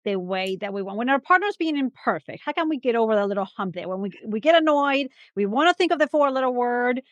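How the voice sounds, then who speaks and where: A woman's voice: fairly high pitch, lively intonation, fast talker, dry recording, highs cut off. A woman hosting a podcast in a casual chat, an affirming and encouraging interviewer. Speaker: podcast host.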